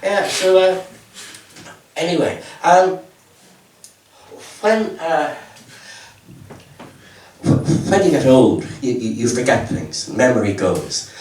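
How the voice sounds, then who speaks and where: A 70-something comedian with a mid-range, darkish voice works a comedy club stage, rambling and stammering with self-mocking asides during his stand-up set. The roomy live recording is taken from a distance and picks up audience laughter.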